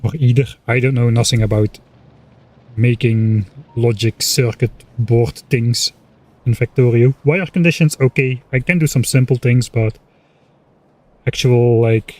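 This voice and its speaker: A man streaming a game and thinking aloud in a casual, relaxed way, often pausing with filler words. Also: mid-range voice. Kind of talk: casual gameplay commentary.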